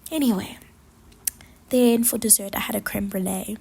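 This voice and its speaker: Gravelly, husky young woman podcaster. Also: medium pitch, fairly even intonation, a little fast, mellow. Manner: rambling, gushing, full of fillers. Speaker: podcast host. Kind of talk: casual solo chat.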